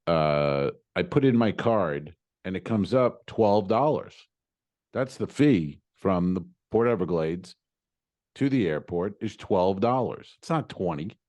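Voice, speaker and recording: A man's voice: sits low, expressive, slow, a little mellow. A man co-hosting a comedy podcast, telling a travel story casually and acting out both sides of the exchanges with exasperation. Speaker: podcast co-host.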